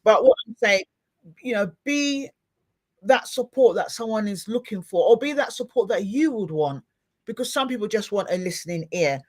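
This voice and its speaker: A woman's voice: mid-range voice, normal speed. A middle-aged woman hosting a podcast, chatting casually and acting out little scenes as she talks. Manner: animated, expressive, acts out little scenes. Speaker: podcast host. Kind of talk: casual interview chat.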